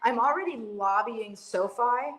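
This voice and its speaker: A woman guest on a sports podcast, chatting casually and telling lively stories. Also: fairly high pitch, unhurried, poor audio. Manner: animated storyteller, loudly acts out quotes. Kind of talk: casual interview chat.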